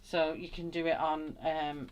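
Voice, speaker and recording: With a low voice that barely moves in pitch, a woman talks a little slowly in a clean tone. She hosts a live colouring session, musing aloud as she colours, saying hello to people in the chat and laughing a lot.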